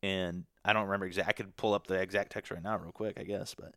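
A man's voice: sits low, fairly even intonation, fast, bright, forceful tone, no echo, clean studio sound. Rambling young man telling a hunting story. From Michigan. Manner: rambling, many fillers and restarts. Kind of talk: casual storytelling.

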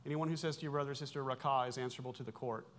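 A man's voice: medium pitch, racing. A man in his forties preaching a sermon, explaining Greek words in a conversational way, with self-corrections and wry asides. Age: 40s. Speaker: pastor.

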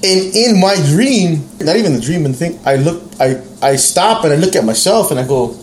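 A man telling a story in a casual podcast chat, animated and profane, acting out the quotes. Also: a little high, moderate pace, echoey room, slight background noise. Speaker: podcast co-host.

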